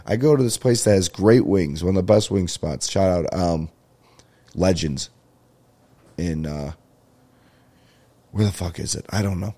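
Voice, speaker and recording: Man, very low voice, stuffy and nasal, rambling profane podcast banter. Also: a little slow, pauses often, mellow. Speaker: podcast host. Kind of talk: casual comedy podcast monologue.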